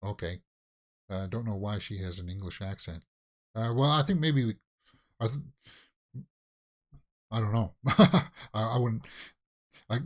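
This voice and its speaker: A man hosting a casual live movie news stream, talking loosely with many fillers and restarts and breaking into exclamations. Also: fairly low pitch. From Canada. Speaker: host of a movie news channel.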